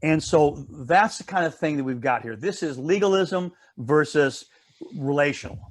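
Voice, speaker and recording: A man's voice: on the high side, normal speed. A man leading a Bible study, teaching casually through a story and checking in with listeners often.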